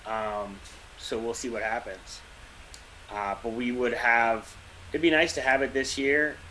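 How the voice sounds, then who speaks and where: Bright-voiced, opinionated fan talking shop. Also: male voice, medium pitch, steady tone, a little slow, a little hiss or hum, rough recording. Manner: opinionated fan, ranting with a laugh. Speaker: podcast co-host. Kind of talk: casual sports chat.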